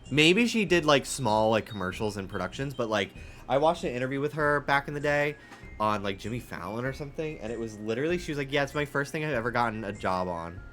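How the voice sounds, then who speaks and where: A young man streams from his desk, chatting in a rambling, animated way with plenty of fillers. A faint New York accent slips into his mid-pitched voice, and soft music plays quietly underneath. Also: quick pace. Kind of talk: casual chat with live chat.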